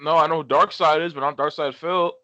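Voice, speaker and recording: A man co-hosting a casual podcast, animated and trying to keep the talk on topic. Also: on the high side, a little fast, no echo, dull audio. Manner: animated, keeps steering back on topic. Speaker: podcast co-host. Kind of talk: casual chat.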